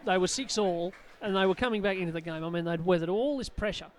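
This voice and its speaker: Fast-talking, high-voiced co-commentator. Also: male voice. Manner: quick, chatty, explains plays in detail. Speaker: expert commentator. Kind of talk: rugby league commentary.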